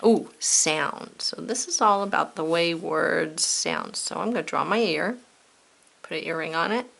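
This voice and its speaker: A woman teacher leading a children's spelling lesson, upbeat and playful, encouraging her pupils and sounding words out slowly. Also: sits low, vocal fry, fairly bright tone.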